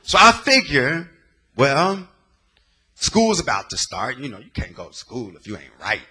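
A man's voice: mid-range voice, huge pitch swings, measured pace, bright, forceful tone, slightly rough. A man from the Bay Area giving a dramatic, emotional personal testimony in a sermon, using plain street slang. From San Francisco Bay Area.

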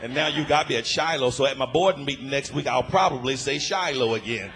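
A man's voice: mid-range voice, brisk, hardly any pauses, a bit bright, soft background music. Man preaching from a church pulpit. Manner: emphatic, repetitive preaching delivery with frequent amens. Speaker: guest preacher. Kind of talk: sermon.

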